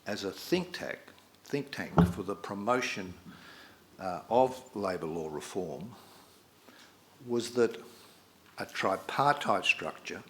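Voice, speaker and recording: A middle-aged man, delivering a measured, formal prepared speech at a debate. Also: sits low, fairly bright tone, slight background noise. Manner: measured, reads quotations aloud with emphasis. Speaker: debate speaker.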